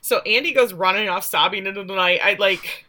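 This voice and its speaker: A woman co-hosting a podcast, retelling a story in a chatty, animated way with asides. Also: medium pitch, a little fast. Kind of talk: casual chat recapping a story.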